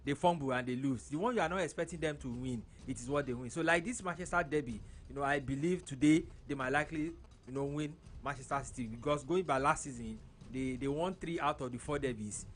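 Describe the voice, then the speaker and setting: A man giving opinionated football analysis on live radio, often restarting his sentences. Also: medium pitch. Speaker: studio football pundit.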